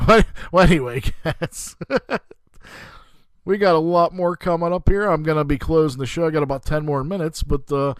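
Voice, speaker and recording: A man's voice: a little high, fairly even intonation, unhurried, long pauses, smooth, dry recording. A man hosting a podcast, telling a rambling, profane story in a heated, casual way. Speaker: podcast host.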